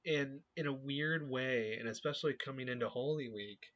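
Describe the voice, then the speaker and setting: A man speaking as a youth group leader in an earnest, halting way, his voice sitting at an ordinary middle pitch. He shares a personal faith reflection and keeps stopping to find the next word. The recording sounds dull and lo-fi. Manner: earnest, halting, searching for words.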